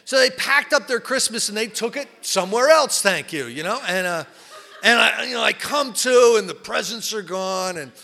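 Bright-voiced man telling his story. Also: sits high, expressive, normal speed, gravelly. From New Jersey. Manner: candid, rambling, with many fillers and repeats. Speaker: recovery speaker. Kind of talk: personal testimony talk.

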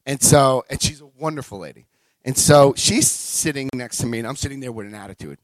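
A middle-aged man giving a personal recovery talk, an animated storyteller who acts out quotes and swings between quiet and loud. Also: medium pitch, fairly quick, no echo, poor audio. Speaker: recovery speaker.

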